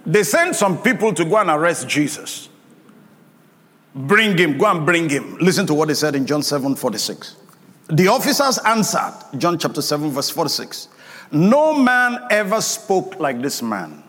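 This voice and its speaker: A man's voice: a little high, animated, normal speed, fairly bright tone. A man preaching a sermon with emphatic, call-and-response delivery, drawing out key words. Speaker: pastor. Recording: long hall reverb.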